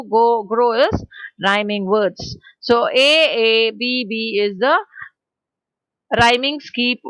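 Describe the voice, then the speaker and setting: Indian english lady teacher going over a poem line by line, bright tone, lots of "isn't it?". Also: fairly high pitch, no echo, poor audio. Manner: explains line by line, repeats verses, asks rhetorical questions. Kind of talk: poetry lesson for school children.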